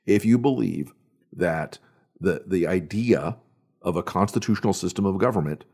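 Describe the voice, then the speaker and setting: A man's voice: low-pitched, moderate pace, darkish tone. A man hosting, giving an emphatic, sardonic political commentary monologue. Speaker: host.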